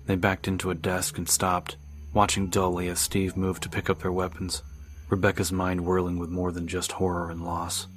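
A man narrating an audiobook in a steady, measured reading. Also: low voice, soft background music.

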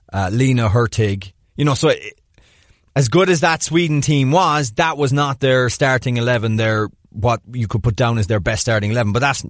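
A man talks through match tactics in a relaxed podcast chat, picking apart each play with lively detail. His voice sits mid-range and sounds dry and close, with no room around it. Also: medium pitch, no room sound. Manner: animated, breaks down plays in detail. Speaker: podcast co-host. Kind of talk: casual sports analysis chat.

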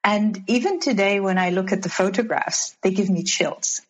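A woman's voice: medium pitch, normal speed. A woman in her fifties, a guest in an interview, telling her personal story earnestly and reflectively, with frequent ums and restarts. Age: 50s. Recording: dull lo-fi sound.

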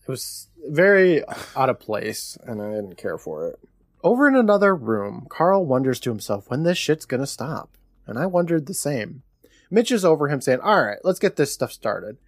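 Animated man recapping a horror episode. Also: mid-range voice, moderate pace, no room sound, clean studio sound. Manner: animated storytelling with a laughing, joking tone. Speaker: podcast co-host.

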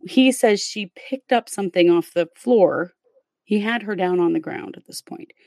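A woman's voice: medium pitch, moderate pace, a little mellow, no room sound. A woman hosting a podcast, telling a true crime case in a casual, step-by-step way with fillers. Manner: conversational, recounts events step by step with fillers.

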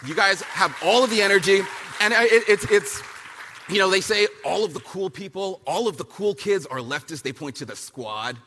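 A man giving a punchy, fiery speech at a youth summit. He repeats lines for effect and mocks people with quick impressions. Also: high voice, bright, forceful tone, slight background noise. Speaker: speaker at a youth political summit. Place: large hall at a summit, with an audience. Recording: big hall with long reverb and a faint crowd.

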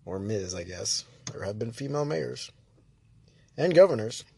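A man's voice: medium pitch, expressive, normal speed, vocal fry, dark tone, a little hiss or hum. An American man ranting casually about politics, rambling with many fillers and restarts, sounding exasperated. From United States. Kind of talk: casual opinion rant.

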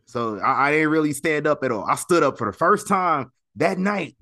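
A man's voice: a little high, moderate pace. Man casually recounting a wrestling show. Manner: storytelling, animated with slang. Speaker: podcast co-host.

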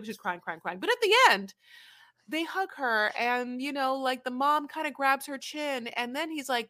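A woman with a bright, fairly high voice co-hosts a casual podcast chat. She tells stories in an animated, dramatic way and acts out quoted voices along the way. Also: normal speed. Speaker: podcast co-host.

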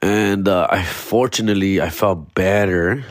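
A young adult man, a comedian hosting his podcast, telling stories in a slangy, animated way and dropping words, a bit hungover. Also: low voice, a little slow, dry recording, clean studio sound. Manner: slangy, animated, peppered with "fool" and "bro". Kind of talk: casual storytelling monologue.

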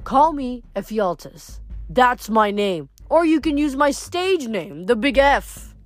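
A woman's voice: mid-range voice, animated, moderate pace, dry recording, close to an everyday voice. A woman voicing a bossy, theatrical male giant showman who snaps and demands, in an audiobook reading. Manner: snappish, demanding, loud.

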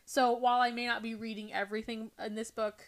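Woman podcast co-host, casual and giggly, dramatic reader, slightly high voice. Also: level tone, fast talker. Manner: laughs often, dramatic reading voice. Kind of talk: casual chat, reading a book aloud.

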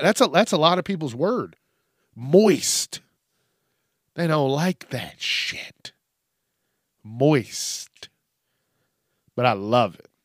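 Profane, slow-talking male podcast host. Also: medium pitch, a bit bright, dry recording, studio quality. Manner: profane, joking, laughs often. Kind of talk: solo podcast monologue.

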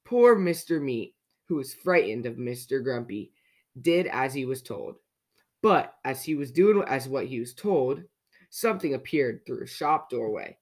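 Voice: medium pitch, expressive, unhurried. A storyteller reading a children's picture book aloud, playfully asking young listeners questions along the way.

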